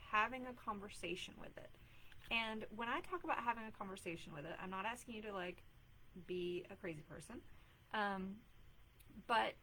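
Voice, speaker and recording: Brief: woman, thirties, casual live-stream coach, mid pitch, earnest and chatty, faint noise behind. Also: a bit bright, poor audio. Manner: earnest, chatty, many fillers and "like"s. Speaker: mom life coach hosting a live video.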